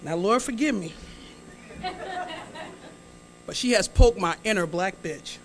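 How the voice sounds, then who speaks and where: Big pitch swings mark this woman's mid-range voice, and she speaks slowly while some chatter and a slight hiss or hum sit in the background. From a stage in a large hall, the guest speaker tells a comic story, teasing and prompting the audience and acting out the dialogue in a chatty way.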